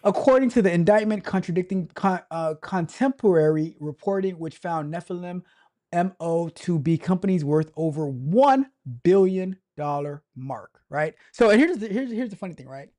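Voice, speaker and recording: A man's voice: high voice, animated, normal speed, mellow. A man hosting a casual tech livestream, joking around and reading news aloud with stumbles and repeated words.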